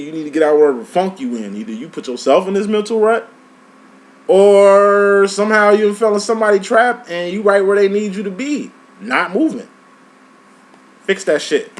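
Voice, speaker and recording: A man giving a casual tarot reading, profane and emphatic, full of streetwise slang. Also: normal speed. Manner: animated, pitch jumps up and down. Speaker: tarot reader.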